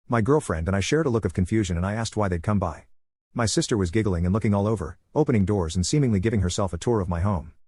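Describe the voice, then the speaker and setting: Fast-talking husky male storyteller. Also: lowish voice, a little mellow, no room sound. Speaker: narrator. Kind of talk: storytelling narration.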